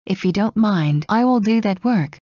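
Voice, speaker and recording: A woman slowly reading everyday English phrases one at a time for learners. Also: medium pitch, animated, dark tone, no room sound, lo-fi sound. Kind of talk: slow scripted phrase reading.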